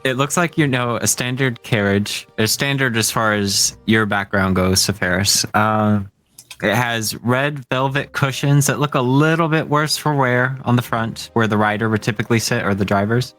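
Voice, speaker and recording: A man's voice: mid-range voice, fairly even intonation, moderate pace, fairly bright tone, soft background music. A man narrating a tabletop game as game master, describing scenes hesitantly with fillers.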